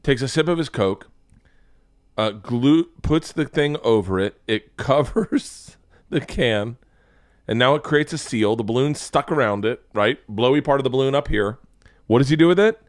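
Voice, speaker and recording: A man's voice: medium pitch, normal speed, no room sound. Sarcastic, swearing man host, dry sound. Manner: animated, sarcastic, swears a lot. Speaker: show host. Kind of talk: profane comedic commentary on videos.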